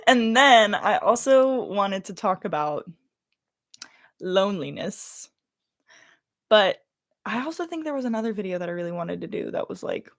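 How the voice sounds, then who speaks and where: A young woman chatting casually on a livestream as she gets ready, rambling and breaking off mid-thought. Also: medium pitch. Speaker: content creator livestreaming while getting ready.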